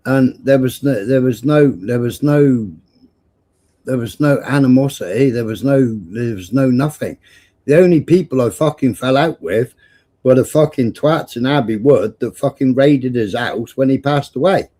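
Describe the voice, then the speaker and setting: A man's voice: medium pitch, moderate pace, warm tone. Rambling, profane man. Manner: rambling, profane, repeats himself. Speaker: livestream host. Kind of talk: casual chat and storytelling.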